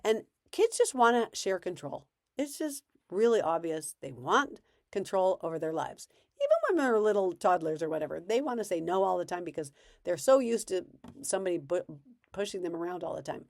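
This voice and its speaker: A woman's voice: on the low side, very animated, moderate pace, a little mellow, dry recording, clean studio sound. A woman parenting coach giving casual advice in a conversational way, acting out bits of parent and child dialogue.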